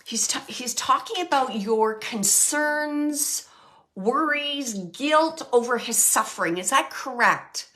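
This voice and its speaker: A woman working as a medium, giving a live reading to an audience member, talking in halting phrases with many fillers and repeating words as she relays messages. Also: high-pitched, expressive, pushed and bright. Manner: relays messages, quotes the dead man.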